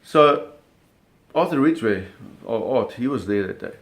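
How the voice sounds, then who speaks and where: Unhurried, with medium pitch and lively intonation, he narrates a personal experience vividly and casually, peppering it with curses and acting out the scenes and sounds.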